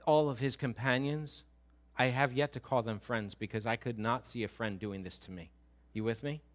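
A man's voice: medium pitch, steady tone, normal speed. A male pastor giving a conversational, emphatic sermon and asking his listeners questions.

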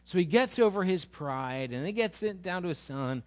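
A man's voice: high voice, lively intonation, normal speed, darkish tone. A male pastor giving a sermon in a conversational, storytelling way with emphatic asides.

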